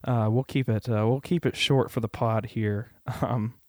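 A man giving a heartfelt recorded message to his bride-to-be, tender and halting, with soft fillers. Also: medium pitch, fairly even intonation, no echo, studio quality. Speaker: guest, the bride's fiancé.

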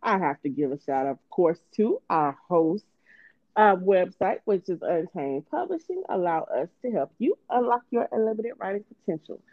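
A woman hosting a book podcast in casual chat, bubbly and quick to laugh. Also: lowish voice, dry recording, narrow, tinny audio. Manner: bubbly, laughs often, talks fast when excited. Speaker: podcast host.

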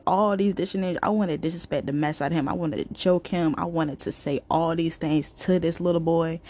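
Low-voiced woman vlogger, emphatic storytelling. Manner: animated, repetitive, emphatic. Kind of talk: casual storytelling to viewers.

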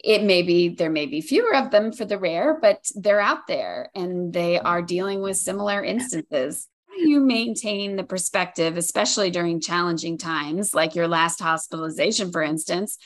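A woman's voice: on the low side, expressive, normal speed, few pauses. A woman hosting a podcast, interviewing a guest in a supportive, affirming way. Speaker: podcast host.

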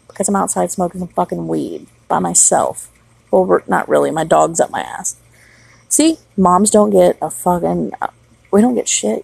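A woman's voice: fairly low pitch, vocal fry, mellow, husky, no room sound, poor audio. A woman in her thirties, a mother, talking outdoors at night in a blunt, heavily profane, rambling solo vlog monologue. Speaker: mother of young children.

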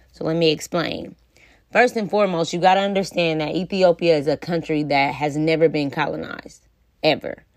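A woman hosting a podcast, talking through her opinions in a blunt, emphatic, profane way and often turning to the listener with rhetorical questions. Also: on the low side. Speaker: podcast host. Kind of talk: casual opinion monologue.

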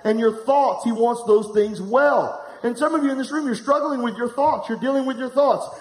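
A middle-aged pastor preaching live to a congregation, candid and humorous, telling a personal story and speaking to the room directly. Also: male voice, extremely high pitch, moderate pace, darkish tone. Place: church hall, live before a congregation. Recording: echoey room.

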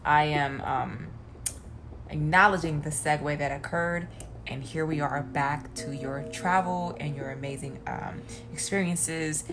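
A young woman co-hosting a podcast in casual chat, animated and quick to laugh, jumping up into excited high notes. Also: over music. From Asian descent, Korean heritage. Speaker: podcast co-host.

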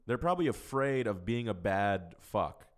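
Fielding listener questions alone on his podcast, this host talks casually and bluntly, swearing freely as he rambles. He speaks at a moderate pace, his lowish voice full of lively intonation.

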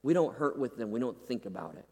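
A man preaching a sermon, swinging from loud, pleading peaks to hushed, near-whispered drops, often checking in with "right?". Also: mid-range voice, animated, fast, vocal fry, breathy edge. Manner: emphatic, dramatic rises and hushed drops, repeats "right?". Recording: long hall reverb.

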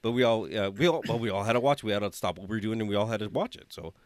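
A man's voice: on the low side, very fast, no room sound. A man co-hosting a casual movie review chat, telling a story animatedly, swearing and laughing often. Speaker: podcast co-host.

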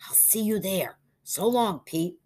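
A woman voicing a bold young boy who talks in an eager, urgent way, pitched above her own voice. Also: animated, unhurried, warm tone.

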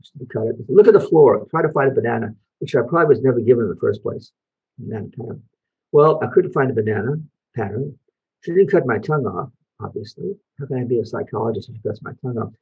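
A man's voice: medium pitch, expressive, vocal fry, slightly rough, phone-quality sound. An older man from Belgium, a Holocaust survivor, telling his life story to an audience and asking them questions. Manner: storytelling, asks the audience questions, short pauses. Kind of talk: personal testimony talk to an audience, showing photos.

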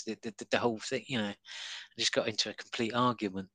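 Guy, stand-up comic chatting, bright voice, dry close sound, lots of ums and restarts. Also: fairly low pitch, fast, dry recording, poor audio. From Devon and Cornwall, England. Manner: animated storyteller, many fillers and restarts. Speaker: stand-up comedian. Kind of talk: casual conversation.

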